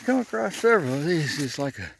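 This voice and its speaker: A man hiking a forest trail, narrating in a folksy, unhurried way as he thinks aloud, getting out of breath on the climbs. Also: a little high, big pitch swings, gravelly, breathy edge. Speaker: hiker vlogger. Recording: outdoor trail noise.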